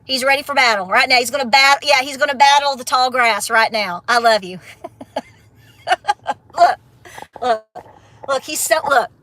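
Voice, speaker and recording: Fiery woman with a bright, high voice. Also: normal speed, long pauses, dry recording. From Appalachia. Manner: fiery and blunt, then laughing and affectionate. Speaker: homestead vlogger. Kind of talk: casual livestream rant to viewers.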